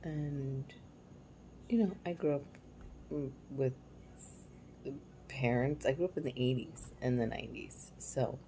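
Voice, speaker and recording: A woman in her forties shares a family story in a loose, candid way, now and then sinking to a soft hush. Her voice sits very low and sounds dark and mellow, with a faint hiss underneath. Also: measured pace, long pauses, rough recording. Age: 40s. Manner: candid, reflective, drops to a soft hush at times. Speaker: parenting vlogger. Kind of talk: casual personal storytelling.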